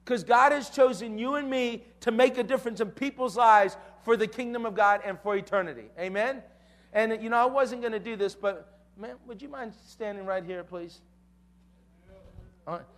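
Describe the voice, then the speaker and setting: High-voiced man preaching a lively sermon. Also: normal speed. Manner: storytelling, engages the crowd with call-and-response. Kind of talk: sermon to a youth audience.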